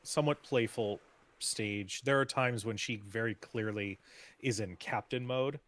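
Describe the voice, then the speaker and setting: A man's voice: fairly low pitch, unhurried, a bit bright. A man narrating as game master of a tabletop game, loose and laughing often.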